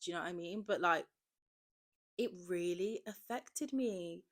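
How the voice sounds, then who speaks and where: Chatty woman, lower voice. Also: a little slow. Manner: chatty, many "like" fillers, jumps between loud and soft. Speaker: podcast host. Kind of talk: casual confessional chat.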